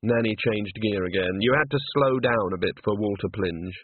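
A man narrating an audiobook in a measured, wry storytelling manner. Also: fairly low pitch, husky, no room sound. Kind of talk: scripted narration. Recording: tinny phone-like sound.

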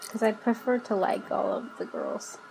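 A woman's voice: mid-range voice, huge pitch swings, moderate pace, gravelly, background noise. A woman co-hosting a podcast in casual chat, frank and wry, often poking fun at herself. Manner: frank, wry, self-deprecating. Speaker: podcast co-host. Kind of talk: casual chat recapping a TV episode.

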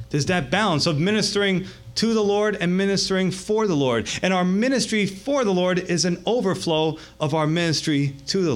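A man pastor preaching a sermon in a conversational, animated way that keeps checking in with the listeners. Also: high voice.

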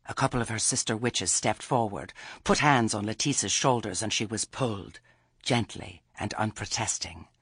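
The audiobook narrator here is a man with a husky, low voice who reads the script in a measured, expressive storytelling style. The recording is dry, with clean studio sound.

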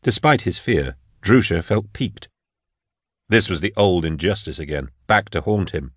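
A man reading scripted audiobook narration in a measured, even storytelling manner. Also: deep voice, no room sound, clean studio sound.

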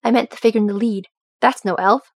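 A woman voicing an old male dwarf with a dismissive manner, calling out loudly in a storybook reading. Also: fairly high pitch, fairly even intonation, a little fast, creaky, husky, dry recording, studio quality. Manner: dismissive, shouting.

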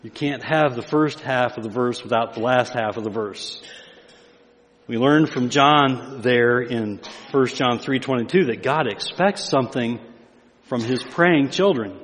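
A man's voice: measured pace, fairly bright tone. Preaching older man in a hall. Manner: emphatic preaching, rising in pitch and volume on key phrases. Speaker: pastor. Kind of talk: sermon.

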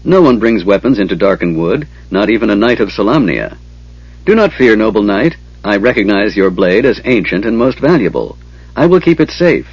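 A man voicing a wise, ancient female unicorn who speaks in a measured, stately way, on a dull, dry recording. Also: fairly low pitch, a little mellow, breathy edge, dry recording.

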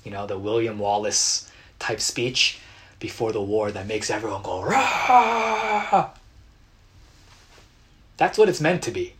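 A man preaching a sermon as a pastor, earnest and dramatic, acting out quotes with bursts of loud emotion. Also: on the low side, normal speed, a little hiss or hum. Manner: earnest, dramatic retellings with sudden loud outbursts.

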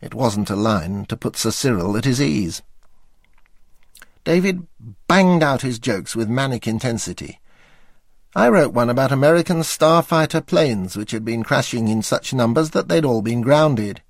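An older man narrates his memoir with dry, wry understatement. His voice is gravelly with a rough fry at phrase ends. It is recorded close and dry, with no room sound. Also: medium pitch, lively intonation, moderate pace, dry recording. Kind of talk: reading a memoir aloud.

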